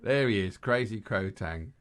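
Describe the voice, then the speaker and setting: A man's voice: lowish voice, expressive, moderate pace. A man co-hosting a casual podcast, rambling and laughing at his own jokes as he chats with a friend. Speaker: podcast co-host. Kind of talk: casual chat.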